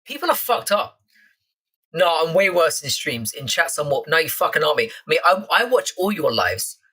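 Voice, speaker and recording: A man's voice: on the high side, big pitch swings, normal speed, pushed and bright, breathy edge. A young man with a London accent hosting a live stream chat, casually swearing and teasing the viewers in his chat.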